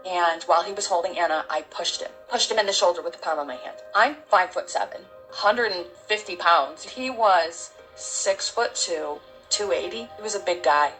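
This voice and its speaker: A middle-aged woman, an interview guest, gives a halting, heartfelt personal testimony full of restarts. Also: fairly low pitch, fairly bright tone, faint music behind, poor audio.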